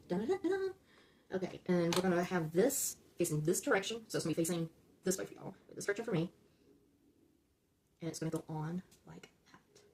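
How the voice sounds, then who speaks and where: In a mellow, lowish voice with slight background noise, a woman leads viewers through a laid-back LEGO build. She checks in with "okay?" often and corrects herself after stumbling on numbers.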